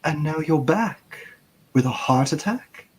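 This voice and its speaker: A man voicing a stern older mother who speaks slowly, pointedly and accusingly. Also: fairly high pitch, lively intonation, breathy edge, heavily acted, low-quality recording. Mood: suspicious.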